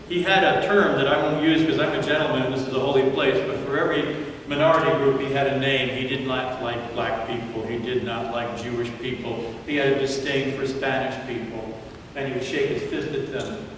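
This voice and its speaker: A man preaching a sermon as pastor, telling a story dramatically and dropping to hushed tones at times. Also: mid-range voice, steady tone, fairly quick, slight background noise. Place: large church sanctuary. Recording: echoey church hall from far off.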